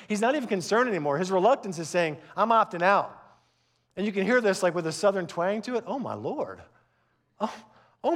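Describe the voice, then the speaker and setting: High-voiced earnest male pastor preaching. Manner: earnest, conversational preaching with frequent restarts. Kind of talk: sermon.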